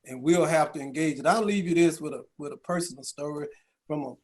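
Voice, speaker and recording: A middle-aged county chief executive from Georgia, US, speaks at a business round table in a fairly quick, high-leaning voice. He tells stories peppered with rhetorical questions and folksy asides.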